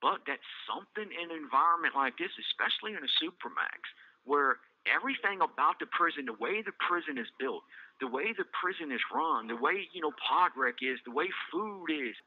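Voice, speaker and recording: A man's voice: on the high side, expressive, brisk, no echo. An incarcerated man hosting a podcast, talking in an earnest, rambling way full of fillers, recorded on a prison phone line. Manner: earnest, rambling, many "you know" fillers. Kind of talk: reflective casual monologue. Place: maximum-security prison.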